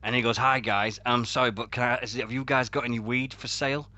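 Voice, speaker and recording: A bright, forceful man in his thirties or forties hosts a casual radio chat. He tells stories with a lot of swearing and laughing. The sound is dry and close to the mic. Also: mid-range voice, fast, no echo, muffled recording. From Sheffield, England. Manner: animated storytelling with heavy swearing and laughter. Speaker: radio show host.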